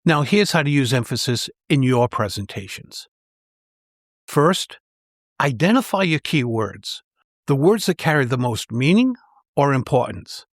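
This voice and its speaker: A man, a public speaking trainer, giving a scripted podcast lesson in a clear, measured way, stressing key words on purpose. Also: mid-range voice, sing-song, no room sound, studio quality.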